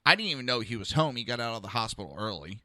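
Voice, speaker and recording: A man's voice: medium pitch, expressive, very fast, pushed and bright, no echo, studio quality. A man hosting a podcast, telling a personal story in a heated, rambling, blunt way. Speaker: podcast host.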